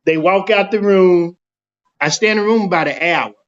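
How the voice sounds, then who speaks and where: A middle-aged man recounts his own experience in a casual interview, slipping into the voices of others as he tells it. His voice sits high for a man. The recording sounds a little dull. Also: normal speed. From Dallas, Texas. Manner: animated storyteller acting out quoted dialogue. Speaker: guest telling his own story.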